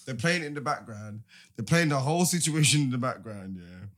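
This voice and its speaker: A man's voice: medium pitch, lively intonation, fairly quick, a bit bright. A man in casual podcast banter, slangy and repetitive, forever tagging on "innit". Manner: slangy, repeats himself.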